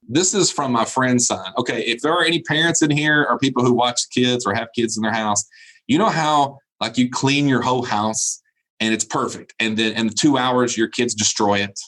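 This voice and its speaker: A man's voice: medium pitch, a bit bright, rough recording. A man who is a college dean, giving a motivational keynote over a video call, telling funny anecdotes and chuckling at his own jokes before turning earnest and encouraging. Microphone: video call mic.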